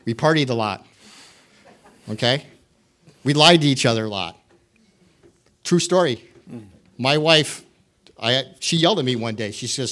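A middle-aged man from the United States shares his personal testimony at church. He talks in a candid, conversational way and pokes fun at himself with dry humor. His voice sits at an ordinary middle pitch. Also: measured pace, pauses often, a bit bright. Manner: candid, self-deprecating, wry humor. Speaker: church member giving testimony.

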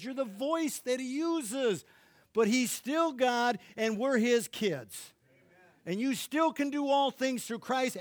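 A middle-aged man from Michigan preaching a sermon and leading prayer, fervent and rising to loud exclamations. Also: a little high, no echo. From Michigan, USA. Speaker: pastor.

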